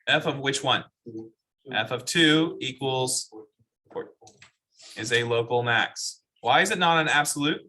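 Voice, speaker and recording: A man's voice: medium pitch, measured pace, long pauses, sharp tone. A man teaching a math class, explaining step by step and asking the students questions. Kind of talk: classroom lecture.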